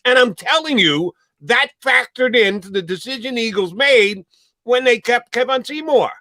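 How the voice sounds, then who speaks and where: A man's voice: extremely high pitch, lively intonation, moderate pace, bright, forceful tone, no room sound. A man in sports-show chat, challenging his co-panelist's opinions about a football team's roster. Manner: challenging, argumentative. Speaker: sports analyst. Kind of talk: casual sports talk.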